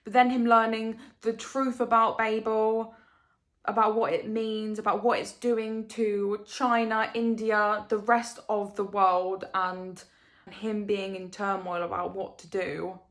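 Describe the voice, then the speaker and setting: A young woman talks straight to her camera at home, reacting to a book she just finished. She rambles, circles back, and tosses out rhetorical questions, her voice sitting at an ordinary middle pitch and catching with feeling. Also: little pitch movement, takes it slowly. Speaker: book vlogger. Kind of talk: casual rambling book review.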